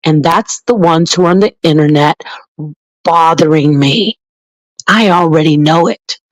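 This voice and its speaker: A woman's voice: deep voice, measured pace, dry recording, rough recording. A woman vlogger giving a blunt, heated and emphatic ranting monologue to her channel.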